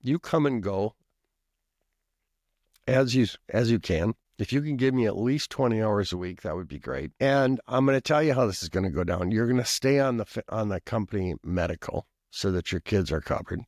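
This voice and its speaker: This podcast guest, a pastor and professor from Minnesota, rambles conversationally through a long personal tale, adding asides and coughing often. His voice is on the low side and a little mellow, with lively intonation at a normal speed. There is no echo, and the sound is studio quality.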